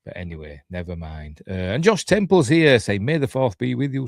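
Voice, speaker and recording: A man's voice: mid-range voice, very animated, normal speed, vocal fry, dry recording, clean studio sound. A tired man with a Yorkshire accent hosting a casual live stream, rambling and self-deprecating with chuckling asides. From Yorkshire, England. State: tired, yawning. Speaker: YouTube host.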